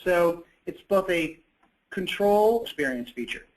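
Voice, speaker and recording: A man's voice: high voice, expressive, a little slow, rough recording. A man presenting a product in a webinar, talking conversationally with frequent fillers and self-corrections.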